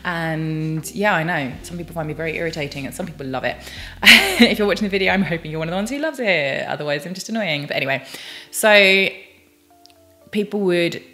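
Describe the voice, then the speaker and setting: A woman's voice: fairly low pitch, fairly quick, fairly bright tone, faint music behind. A British woman talking in a chatty, bubbly vlog, full of rambling asides. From United Kingdom. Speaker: vlogger. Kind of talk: personal vlog, casual chat.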